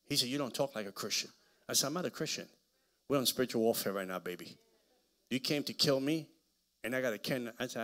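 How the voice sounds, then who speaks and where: A man preaching as a guest speaker, telling stories with dramatic swings from quiet murmurs to shouting. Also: mid-range voice, lively intonation, quick pace. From Hispanic American. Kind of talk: preaching with storytelling. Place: church hall.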